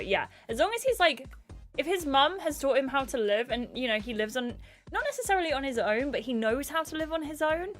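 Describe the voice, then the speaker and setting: A woman's voice: on the high side, expressive, normal speed, fairly bright tone, faint music behind. A woman live-streaming a dating game, chatting to viewers and reading the game text aloud. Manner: chatty, reacts and asks viewers questions. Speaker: gaming streamer.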